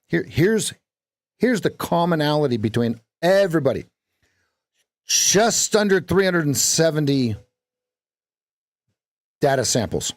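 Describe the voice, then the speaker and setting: A man's voice: on the high side, very animated, a little slow, pauses often, no echo. A man hosting a live trading stream, talking in a casual, playful, jokey way with lots of emphasis.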